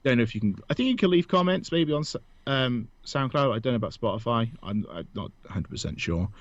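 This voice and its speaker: A man's voice: medium pitch, animated, quick pace, no echo, highs cut off. A man co-hosting a casual podcast, joking, self-mocking and laughing often. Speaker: podcast co-host. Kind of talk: casual chat.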